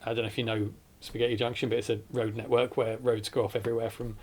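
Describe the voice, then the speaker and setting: A man's voice: mid-range voice, flat delivery, fast, darkish tone, slightly rough. A man, earnestly recounting his hospital ordeal in a documentary interview, often correcting himself as he goes. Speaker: survivor telling his story.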